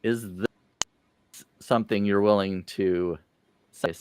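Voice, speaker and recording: A man with a low, smooth voice, speaking slowly and recorded dry and close. He rambles in a casual group chat, restarting his sentences and chuckling. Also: fairly even intonation, darkish tone, dry recording. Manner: rambling, self-interrupting, chuckling.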